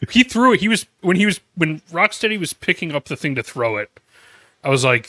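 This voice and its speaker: A man's voice: fairly high pitch, big pitch swings, a little fast, pushed and bright, no echo. A man co-hosting a podcast in casual chat, swearing and incredulous as he reacts. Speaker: podcast co-host.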